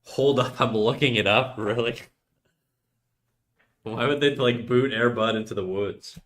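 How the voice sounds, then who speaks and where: A man talks to his viewers as he draws, in a loose and rambling way. He jokes around, restarts his sentences and wanders between drawing tips and asides. His voice sits at an ordinary middle pitch. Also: measured pace, a bit bright. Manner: rambling, self-interrupting, jokey. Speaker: streamer giving drawing tips. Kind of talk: casual livestream chat while drawing.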